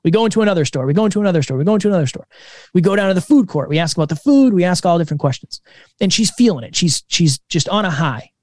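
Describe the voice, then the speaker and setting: A man in his twenties, a podcast co-host, telling stories in a casual, energetic interview. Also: high-pitched, very fast, no room sound. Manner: energetic, animated storytelling.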